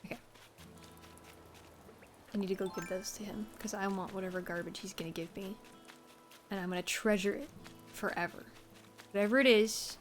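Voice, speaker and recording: A woman's voice: mid-range voice, normal speed, long pauses. A woman streamer chatting casually while she plays a game, wry and self-mocking with rambling asides. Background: faint game music.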